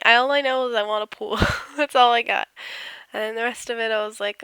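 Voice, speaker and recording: A woman's voice: on the high side, steady tone, a little fast, pushed and bright, clear, resonant tone, no echo. A woman casually narrating over her game build, rambling and self-deprecating, yawning as she goes. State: tired, yawning.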